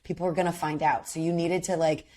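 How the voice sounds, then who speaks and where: This woman talks fast in a low voice, co-hosting a podcast that recaps a reality show. Her chat is casual yet animated and emphatic, and she acts out others' words.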